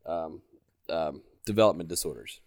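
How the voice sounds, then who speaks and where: A man's voice: extremely low pitch, normal speed, a little mellow, dry recording, clean studio sound. A man co-hosting a podcast in casual chat, bluntly spinning theories and swearing. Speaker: podcast co-host.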